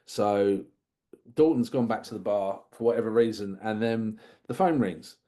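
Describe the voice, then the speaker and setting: A man's voice: on the low side, moderate pace, warm tone. A man chatting casually on a podcast, retelling a film with amused, rambling asides. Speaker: podcast co-host. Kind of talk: casual film review chat.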